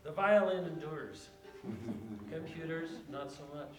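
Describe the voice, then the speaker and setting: Halting chatty male violinist. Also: on the high side. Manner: halting, many fillers, chatty. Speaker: violinist performing live. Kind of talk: casual on-stage remarks between tunes. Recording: echoey room with instrument music.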